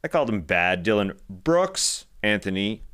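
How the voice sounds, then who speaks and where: A deep-voiced American man talks through basketball games on a podcast, loose and rambling, often stopping to correct himself. His voice is smooth and resonant. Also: big pitch swings, moderate pace, fairly bright tone. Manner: rambling, self-correcting, laughs easily. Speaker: podcast co-host. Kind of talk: casual sports chat.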